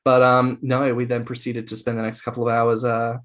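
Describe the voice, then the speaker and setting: A man co-hosting a podcast, telling stories in a playful, animated way with quick mock voices. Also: medium pitch. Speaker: podcast co-host. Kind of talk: casual chat.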